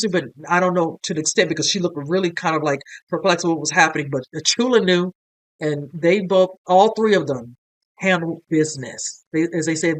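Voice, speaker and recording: A man with a fairly high-pitched voice hosting a casual reaction commentary. He talks earnestly and with feeling, looping through filler phrases as he works through his thoughts. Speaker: reaction video host.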